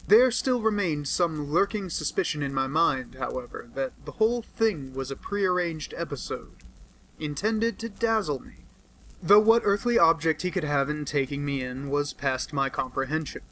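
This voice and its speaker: A man narrating an audiobook in a measured, expressive way. His voice is bright and forceful and sits a little high. He reads the first-person narration steadily. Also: rough recording. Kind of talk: scripted narration.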